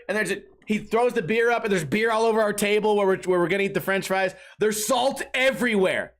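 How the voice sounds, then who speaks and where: High-voiced man telling a casual story. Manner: animated, acts out quotes, laughs often. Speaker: podcast host.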